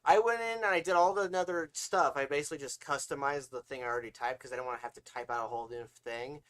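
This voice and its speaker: A man's voice: medium pitch, quick pace, fairly bright tone. A man co-hosting a casual livestream podcast as an author, rambling and swearing freely between laughs.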